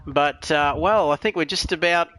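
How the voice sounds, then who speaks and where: A man's voice: fairly high pitch, normal speed, pushed and bright, rough recording. An Australian man calling a sim racing league, full of jokey, matey banter and with a voice worn out by the night. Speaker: lead commentator.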